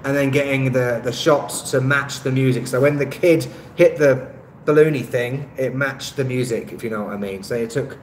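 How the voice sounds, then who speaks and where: A man's voice: medium pitch, normal speed, reverberant, a little hiss or hum, low-quality recording. Rambling man on a live stream. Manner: rambling and hesitant, lots of ums, self-deprecating. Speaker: travel YouTuber hosting a live stream. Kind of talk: casual live-stream chat, reading and answering comments. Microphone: phone on a stabilizer.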